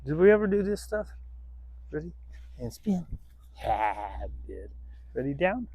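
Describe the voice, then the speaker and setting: A man's voice: on the high side, sing-song, unhurried, a little mellow, slightly rough, no room sound. A man training a dog outdoors, rambling casually to the camera, swearing freely and breaking off to give the dog commands.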